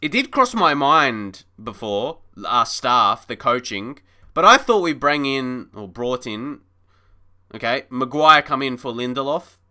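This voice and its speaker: A man's voice: mid-range voice, expressive, a little slow, sharp tone. A man commentating casually on a live stream of a football management game, chatty and mock-frustrated, laughing and talking to his chat.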